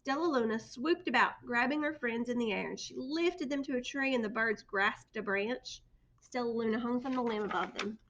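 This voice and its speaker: Woman reading a storybook aloud, expressive, bright and a bit high. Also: normal speed, lo-fi sound, slight background noise. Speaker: storybook reader. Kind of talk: children's book read-aloud.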